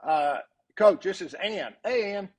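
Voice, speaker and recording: An older man with a high voice speaks slowly. A retired coach appearing as a podcast guest, he tells long, casual anecdotes and animatedly acts out the dialogue he quotes.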